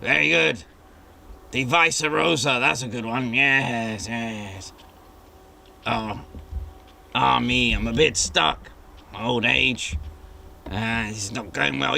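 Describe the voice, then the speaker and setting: A man's voice: mid-range voice, gravelly, pushed and bright, slight background noise, full character voice. Man doing a posh old wing-commander teddy. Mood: pompous. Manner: plummy, pompous, drawn-out exclamations.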